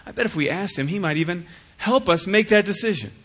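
A middle-aged pastor delivers a lively sermon, slipping into short acted-out exchanges as he speaks. His voice is bright and forceful, pitched a little high for a man. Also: fast. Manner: animated, acts out dialogues with shifting voice.

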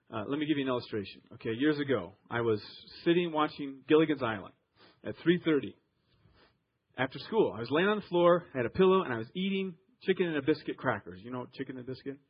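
A man preaching a sermon, grew up in Iowa, telling stories with emphatic swings from loud to soft. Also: medium pitch, expressive, brisk, slightly rough, highs cut off. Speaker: pastor.

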